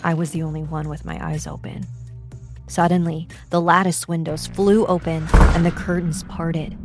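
A woman narrating a true ghost story in a steady, measured way. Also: sits low. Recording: narration over music.

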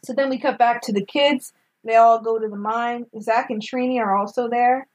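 A woman in casual chat recapping a movie, animated, laughing often and acting out characters' lines. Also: fairly high pitch, moderate pace, rough recording. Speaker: podcast co-host recapping a film.

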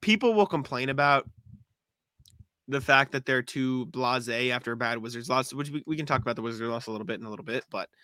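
A man co-hosting a casual sports podcast, recapping a game with frequent throat clearing and stammered restarts. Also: mid-range voice, quick pace, bright, forceful tone, no room sound, clean studio sound. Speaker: podcast co-host.

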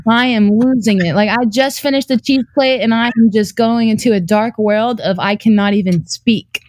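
A young adult woman telling anecdotes in a casual chat, animated and giggly, peppering her speech with "like" and the odd swear word. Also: a little high, normal speed, dry recording. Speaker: guest storyteller.

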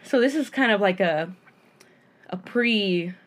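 A woman's voice: mid-range voice, expressive, takes it slowly. A woman co-hosting a fanfiction podcast, chatting casually and reacting sensitively. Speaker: podcast co-host. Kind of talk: casual chat.

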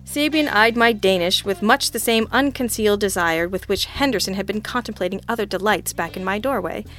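Woman narrator, first-person detective story, wry, sardonic, mid-pitched voice. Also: brisk, a bit bright, faint music behind. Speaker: audiobook narrator.

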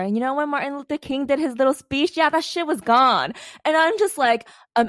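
A woman's voice: high-pitched, moderate pace, dry recording, studio quality. A young American woman co-hosting a podcast, talking bluntly and swearing often with frequent laughs. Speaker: podcast co-host. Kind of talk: casual chat.

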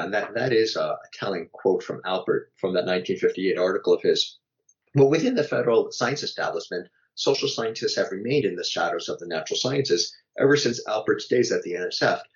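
A very deep-voiced man answers interview questions about his book in a measured, explanatory way, pausing on fillers and restarting phrases. The sound is dull and lo-fi. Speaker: author and guest.

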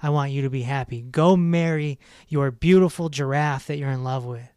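Man doing a kind caring lion king, gentle fatherly tone, dry recording. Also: mid-range voice, moderate pace, clean tone, dry recording, close to an everyday voice. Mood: kindly.

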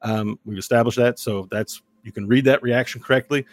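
A man narrating a tabletop game as game master, lively and descriptive. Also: medium pitch, fairly quick.

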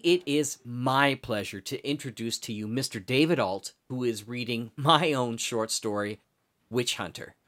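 A man hosting an audio drama show and introducing a story he wrote, in a scripted announcer style. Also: mid-range voice. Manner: warm-up announcer delivery, lively. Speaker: host and author.

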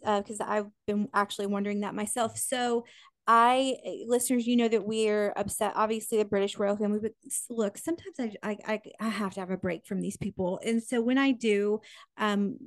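A woman's voice: mid-range voice, no echo, clean studio sound. A woman co-hosting a podcast, chatting casually about royal news with lots of restarts and asides. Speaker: podcast co-host.

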